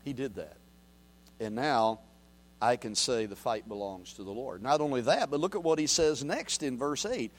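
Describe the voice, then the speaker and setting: A man preaching a sermon, reading scripture aloud and swinging from quiet, low murmurs to loud, raised declarations. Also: expressive, normal speed. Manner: reads scripture aloud and asks the congregation to repeat. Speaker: pastor.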